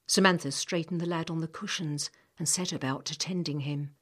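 A woman narrates an audiobook with a low, slightly husky voice. Her reading is measured and expressive, with a slightly breathy edge.

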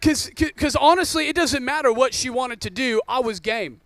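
High-voiced man preaching with jokes. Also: normal speed, a bit bright, dry recording. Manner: joking storytelling. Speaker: pastor. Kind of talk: sermon.

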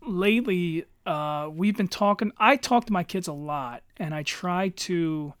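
Middle-aged male co-host, high voice, dry close sound, blunt and profane. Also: unhurried, fairly bright tone, clean tone, no room sound. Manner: blunt, swears freely. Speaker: podcast co-host. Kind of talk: casual chat.

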